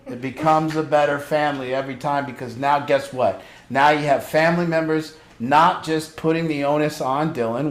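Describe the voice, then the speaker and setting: A man's voice: fairly high pitch, echoey room. A man leading a family group as an addiction counselor, frank and conversational, asking pointed questions.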